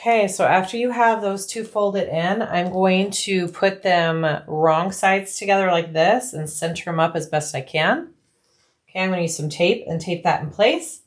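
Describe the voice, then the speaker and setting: A woman narrating a casual sewing tutorial, explaining each step in a relaxed, practical way and thinking aloud with frequent ums. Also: lowish voice, normal speed. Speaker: bag-making tutorial host.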